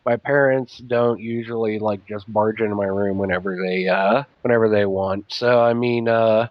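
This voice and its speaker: A man's voice: lowish voice, steady tone, moderate pace, no echo, dull audio. A man on a casual comedy podcast, laughing through his storytelling.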